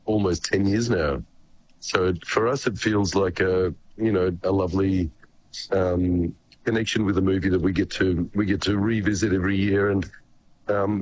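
A man, a guitarist guest on a radio interview, speaking in a croaky, hoarse voice with many halting restarts and repeated words. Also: fairly low pitch, slight background noise, rough recording.

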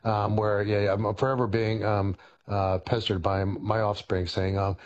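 A man with a fairly low voice talks as a guest on a radio show. He explains things casually, stopping and restarting with plenty of ums and likes. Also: level tone, highs cut off, a little hiss or hum. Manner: halting, lots of fillers and restarts, storytelling. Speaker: food historian and chef guest.

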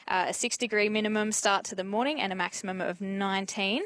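A woman with an Australian accent giving a steady, informative weather report on radio. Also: mid-range voice, dry recording. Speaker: weather presenter.

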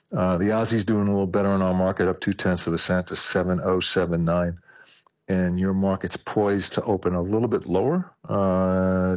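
A man's voice: low voice, no echo. A man, working as a financial advisor, giving a market report over a remote line and using many fillers.

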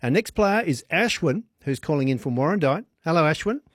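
A man's voice: on the high side, lively intonation, fairly quick, no room sound, studio quality. A man hosting a radio quiz, chatty and upbeat, often laughing.

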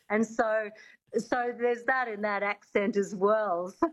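A woman's voice: mid-range voice, fairly even intonation, takes it slowly, poor audio. A middle-aged woman, an accent coach, explaining as a radio guest with frequent fillers. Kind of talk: radio interview.

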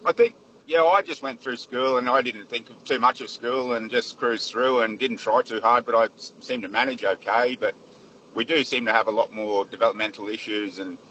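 Bright-voiced Australian caller driving. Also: male voice, mid-range voice, normal speed, highs cut off, slight background noise. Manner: relaxed, rambling. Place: vehicle on the road.

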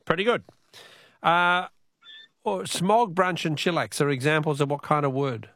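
A man's voice: fairly high pitch, steady tone, unhurried, a bit bright, no room sound, clean studio sound. A man hosting a late-night radio call-in quiz and reading out listener texts. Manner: chatty, reads out listener texts. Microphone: studio mic.

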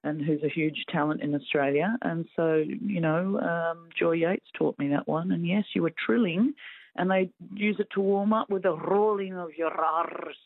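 A woman's voice: fairly low pitch, normal speed, no echo. A woman caller chats eagerly and wanders between points. Her voice comes thin and dry over a phone line. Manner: enthusiastic, rambling name-dropping. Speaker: radio caller. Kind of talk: chatty phone call.

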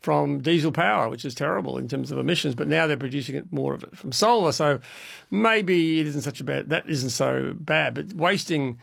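A man, an expert guest calmly explaining energy issues on call-in radio, with frequent restarts. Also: on the high side, normal speed, vocal fry, no echo, studio quality.

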